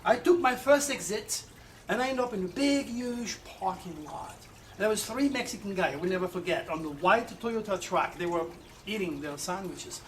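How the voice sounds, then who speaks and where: A man telling a personal story in an animated way, with halting restarts. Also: high voice, recorded from a distance, slight background noise, poor audio. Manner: animated, acts out quoted voices, halting restarts. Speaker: astrologer telling his own story.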